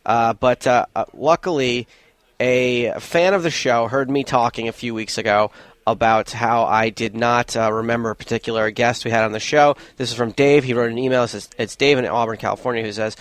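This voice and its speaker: A man's voice: mid-range voice, fairly even intonation, fairly quick, dry recording. A man hosting a radio show, talking in a laid-back, joking way. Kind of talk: casual radio chat.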